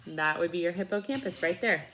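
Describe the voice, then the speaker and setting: A woman's voice: fairly low pitch, fairly quick, a little hiss or hum, low-quality recording. A woman reading a picture book aloud to a child at home, stopping to explain and ask questions. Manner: gentle teaching asides between read lines.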